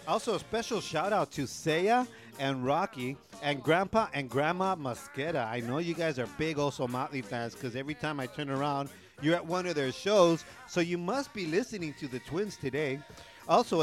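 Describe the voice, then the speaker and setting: A man's voice: on the high side, moderate pace, faint music behind. A man co-hosting a casual podcast, joking and laid-back, who often tags his lines with "eh". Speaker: co-host.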